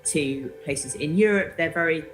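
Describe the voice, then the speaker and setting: A woman with an English accent and a low voice, explaining in a measured, informative way. She speaks in a broadcast news clip. Music plays clearly beneath her. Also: poor audio. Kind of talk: news interview.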